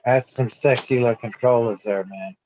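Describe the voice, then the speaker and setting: A man's voice: mid-range voice, normal speed, darkish tone, slight background noise. A man co-hosting a casual chat, chiming in with short reactions and questions. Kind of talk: casual chat on a video call. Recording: dull dry call audio.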